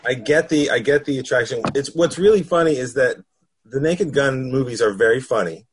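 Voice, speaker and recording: A man talking frankly about films in a casual podcast conversation, measured and quick to laugh. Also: medium pitch, slight background noise. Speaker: panel guest.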